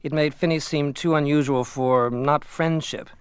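A man reading a novel aloud as a first-person narrator, in a measured, even manner. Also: fairly high pitch, clean tone, dry recording. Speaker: audiobook narrator.

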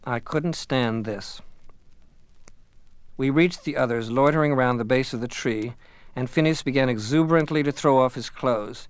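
A man reading a first-person story aloud in a measured, reflective way. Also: medium pitch, clean tone, no room sound. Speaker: audiobook narrator. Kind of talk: scripted first-person narration.

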